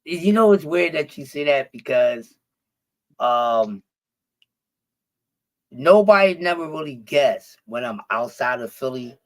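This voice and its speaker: A man's voice: medium pitch, measured pace, pauses often. Easygoing man from Philadelphia, slight lisp. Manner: relaxed, heavy on fillers and swearing. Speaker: interview guest. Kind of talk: casual chat.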